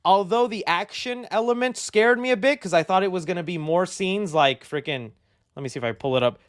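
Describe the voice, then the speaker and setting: Man, host, casual movie news chat, excitable and slangy, high voice, dry close sound. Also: a little fast, smooth, no echo.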